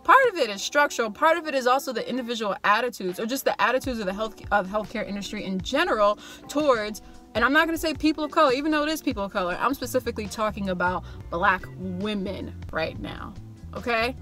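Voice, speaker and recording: A young woman with a slightly high, bright and forceful voice tells a storytime straight to her viewers. She talks casually and animatedly, slipping into voices for the people she quotes, with soft music playing faintly behind her. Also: quick pace. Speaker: vlogger telling a storytime.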